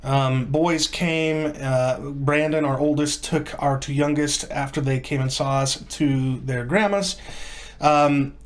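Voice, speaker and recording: A man's voice: mid-range voice, fairly even intonation, slow. A middle-aged man hosting a podcast, interviewing his wife in conversation and filling in the details of her story. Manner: fills in details, gently corrects his wife. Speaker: podcast host.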